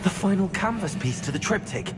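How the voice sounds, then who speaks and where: A man's voice: high voice, animated, a little fast, background noise. A man voicing an earnest young wizard student in a video game, calling out spells sharply. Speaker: student wizard player hero. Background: loud game music.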